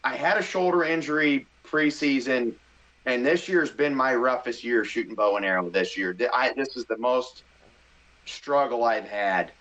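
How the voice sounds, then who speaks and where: Speaking at a moderate pace with a medium pitch, a middle-aged podcast guest shares a story casually. He's lively and excitable, performing his inner voice aloud, though the audio quality is poor.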